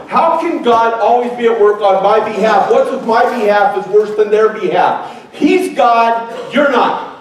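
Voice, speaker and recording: A male pastor preaches a sermon in a church hall, joking conversationally and acting out quoted voices. His voice is high-pitched and expressive with a measured pace, and he's recorded from far off in a very echoey hall with faint noise.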